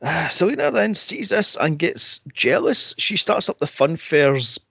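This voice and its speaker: A man's voice: on the high side, very animated, measured pace, gravelly, a bit bright, husky, no echo. A man co-hosting a podcast, recapping a film in exasperated casual chat with frequent swearing and laughter. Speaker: podcast co-host. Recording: dull lo-fi podcast mic.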